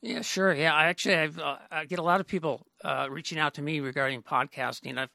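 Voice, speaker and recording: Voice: medium pitch, fairly even intonation, quick pace, vocal fry, pushed and bright, no echo. A podcast host chatting casually with a guest, stammering through many restarts. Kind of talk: casual interview talk.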